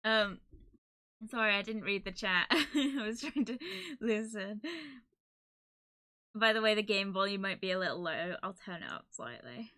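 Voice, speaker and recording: A woman's voice: medium pitch, expressive, moderate pace, pushed and bright. A woman from Cornwall chatting casually and giggling while streaming a game. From Cornwall, England. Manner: giggly, playful.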